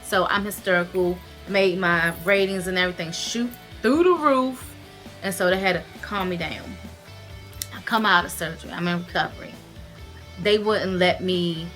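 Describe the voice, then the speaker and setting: A woman's voice: fairly low pitch, moderate pace, soft background music. A woman vlogger earnestly recounting her surgery recovery and giving direct, heartfelt advice in a casual to-camera talk. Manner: earnest and expressive, retells events with emotion and direct advice. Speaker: vlogger sharing her weight-loss surgery experience.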